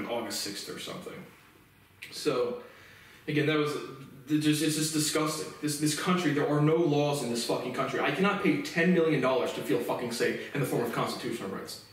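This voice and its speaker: A man's voice: on the high side, fairly bright tone. Male host, angry profane monologue, echoey room, distant mic. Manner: furious, profane, repetitive.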